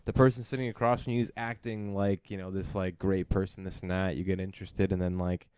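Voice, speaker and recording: A man's voice: sits low, flat delivery, a little fast, a little mellow, smooth, dry recording. A man co-hosting a casual podcast, laid-back and teasing. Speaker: podcast co-host. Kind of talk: casual chat.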